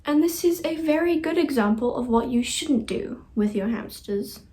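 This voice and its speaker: A woman's voice: sits high, animated, moderate pace, mellow. A young woman hosting a reaction video, chatting casually and earnestly and getting easily moved.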